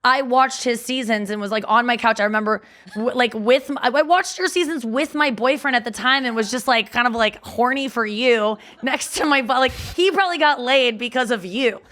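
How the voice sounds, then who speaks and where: A woman's voice: fairly high pitch, normal speed. A woman comedian, a guest on a podcast, telling frank, bawdy stories in casual chat and acting out the quotes. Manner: frank, bawdy, animated storyteller who acts out quotes.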